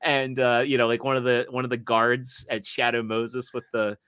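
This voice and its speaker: Host: man, bright forward voice, dry close mic, rambly and laughing. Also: mid-range voice, little pitch movement, normal speed, smooth, dry recording. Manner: rambling, laughs often, restarts. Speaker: podcast host. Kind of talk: casual chat.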